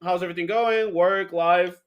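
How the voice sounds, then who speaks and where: A young man co-hosting a casual podcast chat over a video call, loud and excitable, swearing freely. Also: sits high, moderate pace, highs cut off. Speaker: podcast co-host. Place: Denver, Colorado.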